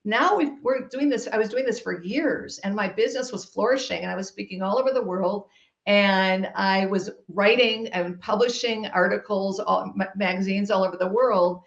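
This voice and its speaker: A woman guest telling a personal story in a podcast conversation, emphatic and lively. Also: mid-range voice, moderate pace, gravelly. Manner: animated, emphatic storytelling with laughs. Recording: roomy, dull-sounding recording.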